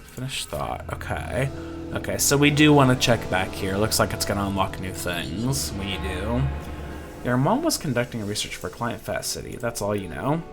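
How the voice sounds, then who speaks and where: A man's voice: on the low side, sing-song, moderate pace. A man doing let's play commentary, reading game text aloud, chatty and laughing often. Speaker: gaming YouTuber. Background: game music.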